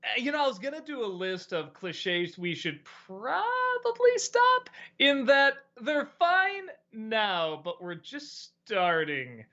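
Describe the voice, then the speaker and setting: This man's voice is very high-pitched, and he talks slowly with few pauses, though the recording sounds muffled. Hosting his weekly question-and-answer stream, he meanders casually through viewers' questions, laughing frequently.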